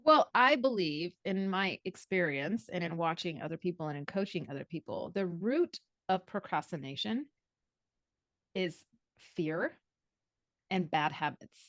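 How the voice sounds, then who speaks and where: A woman guest and coach in a podcast interview, telling stories and acting out her own past thoughts in quick little voices. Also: lowish voice, no room sound. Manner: animated storyteller who acts out her own past thoughts.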